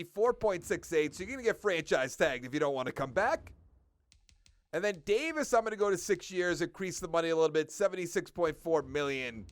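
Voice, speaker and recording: A man with a Boston accent talks through a football video game in casual commentary, reading off stats and contract numbers as he decides. His voice sits high and swings up and down a lot. The sound is close and dry. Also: fairly bright tone, clean tone, dry recording. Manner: thinking aloud while ticking through stats and numbers. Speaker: gaming video creator.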